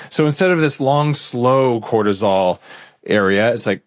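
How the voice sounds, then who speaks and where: A middle-aged man hosting a conversational podcast, his low voice rising and falling with lively animation as he explains. He talks in quick, engaged asides. The recording is dry and close. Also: no echo. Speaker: podcast host. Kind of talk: conversational interview.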